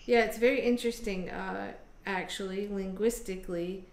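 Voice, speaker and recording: A woman's voice: mid-range voice, fairly even intonation, normal speed, gravelly, reverberant. A woman from Michigan hosting a casual chat over a video call, rambling with many fillers. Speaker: host.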